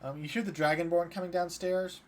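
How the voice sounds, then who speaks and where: A man's voice: high-pitched, steady tone, a little fast, slight background noise. A man narrating as game master in a tabletop game, talking casually and hedging his descriptions.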